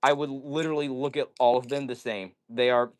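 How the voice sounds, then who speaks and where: A man's voice: mid-range voice, fairly even intonation, a little fast. A man hosting a casual indoor livestream, joking around and reading viewer comments aloud. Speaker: livestream host. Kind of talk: casual live-stream chat.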